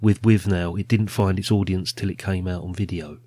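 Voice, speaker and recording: Chatty man hosting, low voice. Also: brisk, no room sound. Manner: leads the list, chatty and relaxed. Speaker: podcast host. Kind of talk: casual chat.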